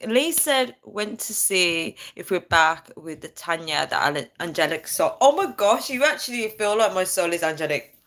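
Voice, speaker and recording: A woman's voice: on the low side, pushed and bright. A woman in her thirties hosting a casual phone live stream, chatty and bubbly, reading out viewer comments. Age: 30s. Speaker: livestream host.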